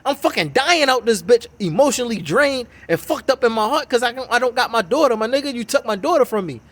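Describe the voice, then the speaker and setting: A man's voice: very high-pitched, expressive, quick pace, a bit bright. A man giving a heated, swearing, mocking reaction commentary on a video. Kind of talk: profane ranting reaction commentary.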